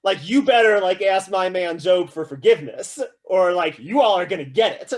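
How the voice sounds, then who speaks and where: A man giving a casual, animated philosophy lecture to a class, often checking in with "right?" and acting out quotes with humor. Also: high voice, moderate pace. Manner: acts out quoted voices with humor.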